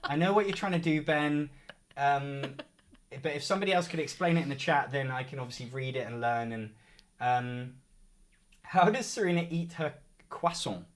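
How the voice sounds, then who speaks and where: A man's voice: on the high side, moderate pace. A young man co-hosting a live game show stream, joking around and reading viewer comments aloud.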